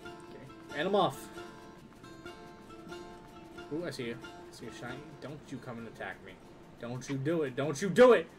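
A man giving excitable let's play commentary, swearing and talking to the game as he plays. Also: medium pitch, moderate pace, long pauses. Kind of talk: gameplay commentary. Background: game music.

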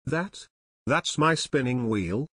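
A man's voice: mid-range voice, sing-song, dry recording, studio quality. A man voicing a stern, peppery older aunt who questions her nephews sharply, read for an audiobook. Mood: incredulous. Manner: brisk, sharp cross-examining.

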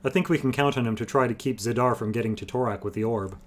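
A man's voice: medium pitch, fast talker, lightly acted. A man voicing an ancient, wry old male sorcerer who explains things blandly and patiently. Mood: wry explaining.

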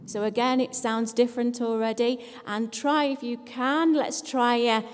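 Brisk, encouraging woman voice therapist. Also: a little high, fairly even intonation, slight background noise. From England. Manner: brisk, encouraging, lightly self-deprecating. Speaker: speech and language therapist. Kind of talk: live workshop talk leading an audience in voice exercises. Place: conference hall with audience. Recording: long hall reverb.

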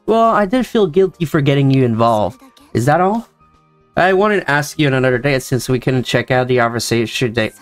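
A man's voice: medium pitch, lively intonation, soft background music. A young man reading a visual novel's dialogue aloud for the characters, with joking asides of his own. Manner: plays each character in quick shifts of voice, joking asides. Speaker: gameplay narrator.

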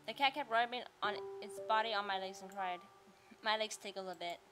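A woman reading a story game aloud, acting out the heroine's lines with expressive delivery. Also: medium pitch, a little fast. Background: game music.

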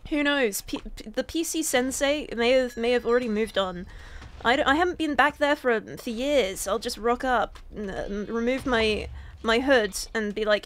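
A woman's voice: fairly high pitch, normal speed. A young woman casually commentating her gameplay as a gaming YouTuber, rambling in a comically dramatic, self-mocking way.

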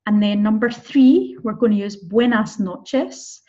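A woman leads a recorded beginner lesson in a friendly, chatty tone, often checking in with her learners. Her voice sits at a middle pitch with a husky edge. The recording sounds slightly dull and lo-fi. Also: mellow. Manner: encouraging, chatty, slow model pronunciations with checks like "okay?". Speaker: Spanish teacher. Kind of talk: recorded online language lesson.

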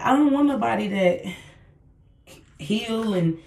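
A woman with a warm, lower voice talks straight to her listeners in a loose motivational monologue. She is blunt, circles back to her points again and again, and swears without a second thought. She sits a little back from the mic in a room with plenty of echo. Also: moderate pace, long pauses. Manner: blunt, emphatic, repeats herself, swears freely. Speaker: podcast host. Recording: echoey room, voice far from mic.

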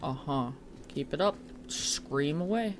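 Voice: medium pitch, animated, slow pace, noisy background. A streamer playing a horror game live, chatting and swearing, breaking into shrieks when startled.

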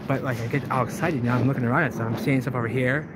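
A man with a mid-pitched voice films himself outdoors while exploring old ruins. He rambles and thinks aloud, growing excited as he makes finds. Clear outdoor noise and passing vehicles sit behind him. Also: rapid-fire. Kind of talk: casual exploring vlog. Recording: noisy outdoor camera audio.

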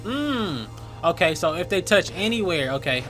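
A man's voice: fairly high pitch, sing-song, normal speed. A man giving casual, crude, joking gameplay commentary full of slang. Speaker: gaming youtuber. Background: game music.

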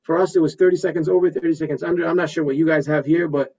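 A man teaching a presentation skills workshop in an energetic, repetitive way, often checking in with "right?". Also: fairly high pitch, very fast, a little hiss or hum. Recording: distant, slightly dull recording.

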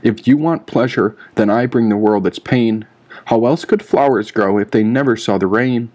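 A man reading the part of a cold, persuasive masked villain who lectures calmly in an audiobook. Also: fairly low pitch, normal speed, lightly acted. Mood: smooth, lecturing. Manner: calm, smooth, lecturing. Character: cold persuasive male villain in a golden mask.

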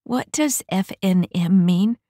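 A woman's voice: medium pitch, expressive, takes it slowly, warm tone, no echo, studio quality, pitched above the performer's own voice. A woman voicing a nervous young female recruit in a mech body, asking hesitant, timid questions in an audiobook.

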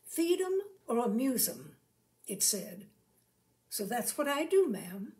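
A woman's voice: a little high, very animated, slow, a little mellow, exaggerated voice. A woman voicing a shy, polite young man who travels as a showman, speaking in rustic, folksy turns of phrase.

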